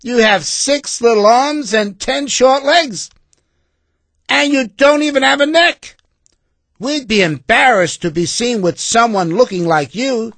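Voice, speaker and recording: A man's voice: extremely high pitch, measured pace, a bit bright, dry recording, voice pushed up, full character voice. A man voicing a cruel, mocking young male critter in a children's storybook reading. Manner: sneering, scoffing.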